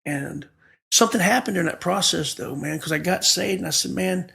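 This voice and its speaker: A man's voice: high voice, a little fast, creaky, sharp tone. A middle-aged man from Florida, a pastor vividly telling his life story and acting out the dialogue of the people in it. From Florida, USA. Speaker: pastor telling his testimony as a podcast guest. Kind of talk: conversational testimony storytelling.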